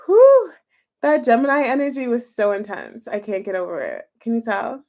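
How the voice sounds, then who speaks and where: A woman's voice: on the high side, very animated, a little fast, gravelly, a little mellow. A woman tarot reader chatting casually with her live-stream viewers, giggly and chatty as she answers their comments.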